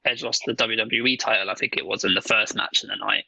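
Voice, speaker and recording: A man's voice: fairly low pitch, fairly even intonation, fast, creaky, sharp tone, husky, no echo, rough recording. A man co-hosting a casual podcast chat, blunt and swearing freely. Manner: blunt, swears freely, acts out voices while joking. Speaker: podcast co-host.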